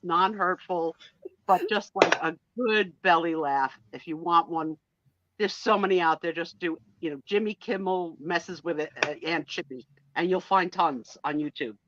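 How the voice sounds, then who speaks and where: A woman in her sixties hosting a casual live-stream chat, talkative and quick to laugh. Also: on the low side, muffled recording, noisy background. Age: 60s. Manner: chatty and animated, laughs easily. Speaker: host.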